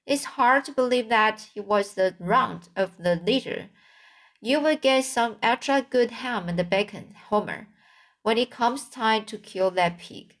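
A woman's voice: on the high side, a little slow, fairly bright tone. A woman voicing a plain-spoken middle-aged farmer in a storybook, matter-of-fact.

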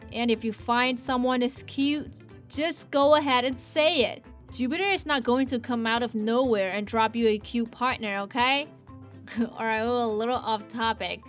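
Lively woman teaching English intonation. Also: high-pitched. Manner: playful, animated, explains slowly with repeated model sentences. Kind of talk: casual English lesson.

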